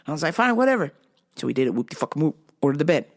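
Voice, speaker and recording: A woman's voice: sits low, rapid-fire, a little mellow. A woman hosting a podcast, telling a comic story in a profane, exasperated way and laughing at herself. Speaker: podcast host. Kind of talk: comedic storytelling.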